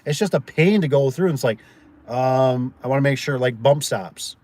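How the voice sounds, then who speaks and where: Brisk and darkish in tone, with a medium pitch, the man who owns a door and gate business tells casual, rambling livestream stories. He uses lots of fillers and dramatizes the people he quotes.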